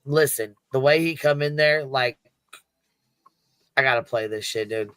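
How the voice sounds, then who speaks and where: A man's voice: mid-range voice, a little slow, pushed and bright, smooth, no room sound. A man streaming live, retelling a funny clip in casual, profane chat and laughing as he goes. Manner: laughing, swearing storyteller. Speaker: streamer reacting to clips.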